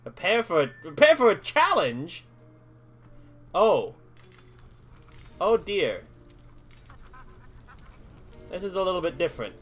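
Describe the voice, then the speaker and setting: A man giving casual let's-play commentary, chatting to himself as he plays and breaking into excited bursts. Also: sits high, takes it slowly, long pauses, soft background music. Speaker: gamer streaming a playthrough.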